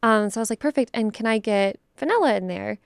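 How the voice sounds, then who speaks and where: A woman's voice: mid-range voice, expressive, fast, vocal fry, clean tone, dry recording, studio quality. A woman in her twenties co-hosting a podcast, telling stories in casual chat and acting out the quotes, with lots of "like" fillers. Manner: chatty storyteller, acts out quotes, many "like" fillers. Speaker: podcast co-host.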